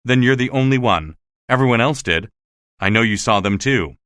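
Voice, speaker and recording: A man's voice: mid-range voice, lively intonation, normal speed, fairly bright tone, no room sound, studio quality, lightly acted. A man voicing an insistent, suspicious male theater official who keeps pressing questions, in a storybook reading. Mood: demanding.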